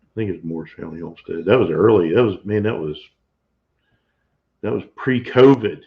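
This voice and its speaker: Husband co-hosting a live stream; gravelly, playful, muffled lo-fi audio. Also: male voice, low-pitched, normal speed. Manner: chatty, laughs often, playful teasing. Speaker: co-host of a homestead live stream. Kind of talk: casual chat.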